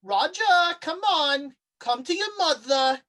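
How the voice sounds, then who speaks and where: An eerie monstrous mother creature croons in a pitched-up singsong, put on by a man running a tabletop game. The voice is loud and coaxing, stretching out each call. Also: expressive, heavily acted. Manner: calls out in a high, drawn-out singsong.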